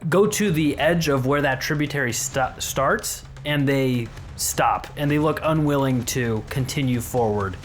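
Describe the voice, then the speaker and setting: A man's voice: mid-range voice, slight background noise. A man narrating as game master of a tabletop game, easygoing and loose. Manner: easygoing, many fillers and restarts.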